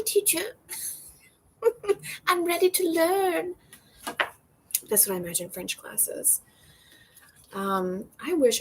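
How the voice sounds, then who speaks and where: A woman's voice: medium pitch, a little hiss or hum, low-quality recording. A woman hosting a casual livestream from her porch, chatting over a cocktail and reading out viewer comments in a rambling way, laughing often.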